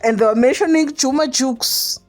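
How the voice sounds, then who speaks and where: A woman's voice: high-pitched, moderate pace, soft background music. A woman hosting a chatty reaction vlog, translating a clip and joking with viewers, calling them honey. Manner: playful, calls listeners honey, laughs often. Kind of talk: chatty commentary.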